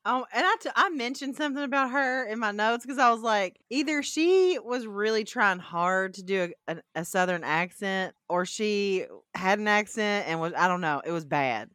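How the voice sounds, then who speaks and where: Bright giggly woman podcast co-host. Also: medium pitch, no echo, clean studio sound. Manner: giggly, quick reactions, frank. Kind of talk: casual chat.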